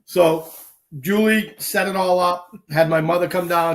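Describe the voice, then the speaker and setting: Unhurried and high-voiced, the Boston man hosting this talk show shares stories in a relaxed chat. He's animated, voices the dialogue he quotes, and uses lots of salty slang.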